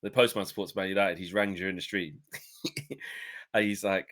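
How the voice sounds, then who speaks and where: A young man co-hosting a podcast, talking in lively, hype banter. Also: low voice, moderate pace, vocal fry. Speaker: podcast co-host. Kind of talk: casual chat.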